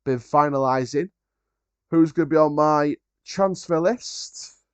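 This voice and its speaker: A man's voice: fairly high pitch, slow, clear, resonant tone, no room sound. Chatty man hosting a football watchalong. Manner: casual, chatty, opinionated, frequent ums and restarts. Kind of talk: live match watchalong commentary.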